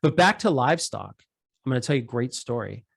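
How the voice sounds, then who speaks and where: A man's voice: medium pitch, gravelly. A man who founded a startup, talking energetically and with self-deprecation as a guest in a casual interview. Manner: energetic, self-deprecating, talks in quick bursts.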